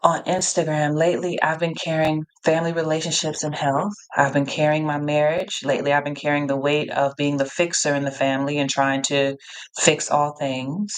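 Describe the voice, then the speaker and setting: A woman hosting a live-streamed Q&A, reading out chat replies in an energetic, encouraging way and often repeating herself. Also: low-pitched, normal speed. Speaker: live Q&A host, coach.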